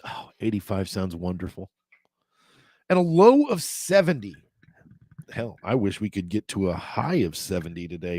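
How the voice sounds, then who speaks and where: Male travel vlogger, middle-aged, mid-pitched, dry close sound, easygoing chatter full of asides. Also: no room sound. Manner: chatty, rambling asides with fillers. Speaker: travel show host. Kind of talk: casual daily travel update.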